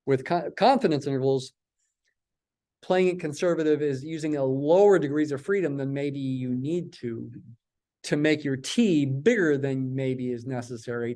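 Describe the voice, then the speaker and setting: A man with a warm, mid-range voice teaches statistics in a recorded math lecture. He emphasizes ideas through repeated words and works through questions he asks and answers himself.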